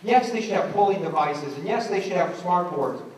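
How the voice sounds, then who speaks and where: A man's voice: high voice, moderate pace, slight background noise. A middle-aged man giving a motivational talk to teachers, acting out voices as he tells stories. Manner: animated storyteller acting out voices. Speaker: education speaker. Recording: echoey room from a distance.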